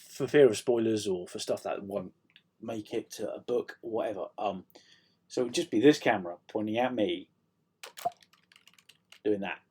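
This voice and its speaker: Man, middle-aged, from South Yorkshire, low husky voice, a bit croaky, rambling self-deprecating chat. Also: darkish tone. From South Yorkshire, England. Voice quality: slightly croaky. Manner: rambling, self-deprecating, many ums and restarts. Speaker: author vlogging a writing update. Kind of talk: casual chat to camera. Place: home room, indoors.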